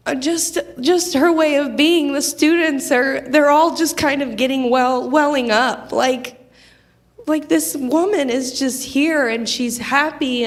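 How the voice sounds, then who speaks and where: A woman, a youth ministry leader, telling a testimony story to a congregation in an animated way. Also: on the high side. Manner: animated storyteller acting out quoted voices.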